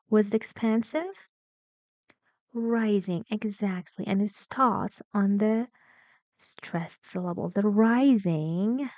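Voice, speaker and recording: A woman teaching English pronunciation, talking slowly and deliberately and drawing out words to model rising and falling pitch. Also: a little mellow, no room sound. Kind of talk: pronunciation lesson. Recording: slightly dull lo-fi dry sound.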